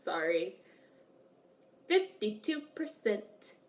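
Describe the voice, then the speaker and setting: A woman's voice: medium pitch, big pitch swings, drawn-out words. A woman streamer reacting to a film, chatting casually, laughing often and reading her chat aloud.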